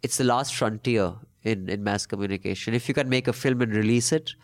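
A man's voice: lowish voice, fairly quick. A man with an Indian English accent hosting a podcast, casually bantering and reading out listener mail, irreverent and slipping into Hindi phrases. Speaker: podcast host.

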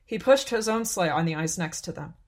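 A woman narrating a story in a calm, unhurried, even way. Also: on the low side. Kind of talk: scripted narration.

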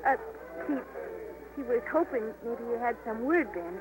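An actress playing a timid young country girl from the swamp, speaking softly and haltingly, in a 1950s radio drama. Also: fairly high pitch, expressive, natural voice. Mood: shy. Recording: hissy 1950s radio broadcast.

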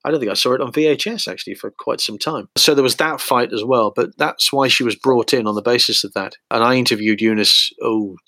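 Brief: chatty male raconteur, middle pitch, dead-dry mic. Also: brisk, hardly any pauses, pushed and bright, no room sound. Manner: rambling, many fillers, acts out quotes. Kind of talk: casual anecdotal chat.

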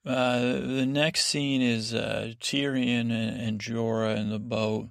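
Male sleep-podcast host, heavy vocal fry, dry close sound, slow rambling recap with lots of restarts. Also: medium pitch, little pitch movement, no echo. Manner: meandering, digressive, with many restarts and fillers.

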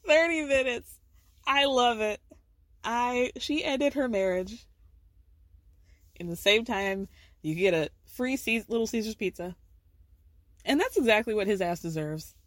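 A woman's voice: medium pitch, lively intonation, a little slow, pauses often, no echo, studio quality. A woman hosting a podcast, recapping a TV show in casual chat, blunt, swearing freely and chuckling often. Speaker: podcast host.

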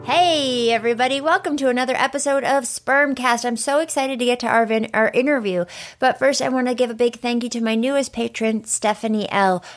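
A woman's voice: on the high side, fairly even intonation, brisk, faint music behind. A woman in her thirties hosting a comic podcast, chatty, upbeat and confiding. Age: 30s. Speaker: podcast host.

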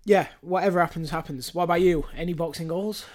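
A man hosting a casual podcast chat in a slightly high voice. He talks fast and briskly, keeping the conversation moving and steering it toward the next topic. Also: darkish tone. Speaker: podcast host.

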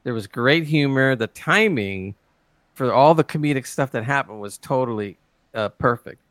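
A man's voice: mid-range voice, lively intonation, moderate pace, fairly bright tone, no room sound. A man co-hosting a podcast, chatting casually and enthusiastically about an episode, often restarting his sentences. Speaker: podcast co-host. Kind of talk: casual review chat.

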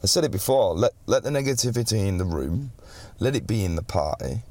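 A man's voice: fairly low pitch, a little fast, no room sound. A young man, chatting casually as an interview guest, telling stories and swearing freely. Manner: animated storyteller, swears freely, acts out quotes loudly. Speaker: pop singer, guest. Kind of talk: casual chat.

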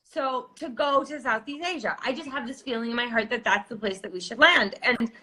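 A woman with a bright, somewhat high voice talks casually as a guest on a podcast. She coaches clients on intuition and keeps acting out her inner voices in little quoted asides. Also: brisk, slightly rough.

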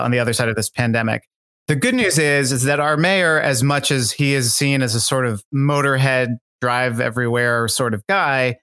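A man's voice: mid-range voice, fairly bright tone. A man speaking as a guest in a casual interview, thoughtful and rambling, with many fillers and restarts.

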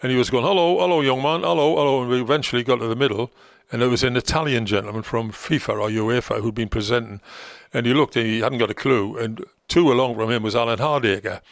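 Gravelly older man spinning old stories. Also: medium pitch, fairly even intonation, fast, hardly any pauses, dry recording, studio quality. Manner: rambling, reminiscing, acts out other people's lines. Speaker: former football manager, guest. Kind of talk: anecdotal storytelling in conversation.

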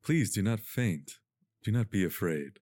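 A man voicing a courteous, teasing giant male Bigfoot in a podcast reading of a monster romance, in a deep, polite voice. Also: animated, no room sound, clean studio sound. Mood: gently teasing. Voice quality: deep, slow and gentle. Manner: polite, playful, a little formal. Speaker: podcast co-host.

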